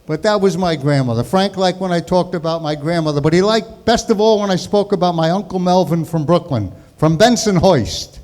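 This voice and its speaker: A man's voice: high voice, a little fast, few pauses, a little mellow. A man in his sixties from New York telling jokes and stories in a chatty stand-up tribute set. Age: 60s. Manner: jokey, chatty storytelling. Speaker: comedian.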